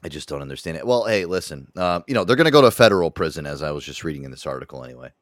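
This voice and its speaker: New york guy hosting a podcast, deep voice that jumps all over, cussing a lot, dry close mic. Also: rapid-fire, dry recording. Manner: profane, animated, laughs often. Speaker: podcast host. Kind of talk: casual chat.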